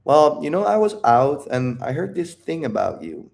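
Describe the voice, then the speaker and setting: A man voicing a hurt girlfriend who hesitantly opens up, speaking softly and haltingly. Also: on the high side, big pitch swings, gravelly. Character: hurt girlfriend opening up slowly, woman.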